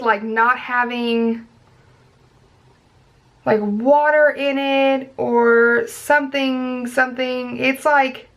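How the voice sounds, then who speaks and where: A young woman, chatting casually as a beauty vlogger reviewing makeup and gushing over each product. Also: fairly high pitch. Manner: gushing, chatty, lots of fillers.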